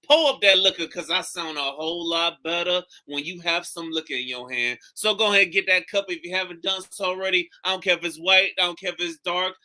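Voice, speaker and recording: High-pitched and fast, hardly pausing, a male podcast host rattles off jokey stories in a recording studio. The chat is loose and casual, animated and full of swearing.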